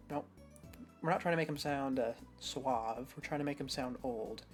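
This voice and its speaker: A woman's voice: a bass voice, fairly quick, faint music behind. A woman streamer giving casual, self-deprecating commentary while playing a game. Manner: chatty, self-deprecating, thinking aloud.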